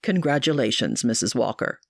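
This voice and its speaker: A soft, emotional young man, as a woman puts him on, speaking low and courteously. His voice sits deep and hushed. The sound is dry and close. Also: very animated, normal speed, no echo, heavily acted. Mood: tender.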